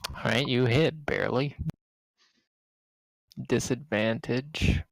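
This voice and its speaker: A man runs a tabletop game with a gravelly, rough-edged voice at a middle pitch. He narrates in a relaxed, halting way, pausing on fillers, and the recording is dry and close. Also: dry recording, rough recording. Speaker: game master.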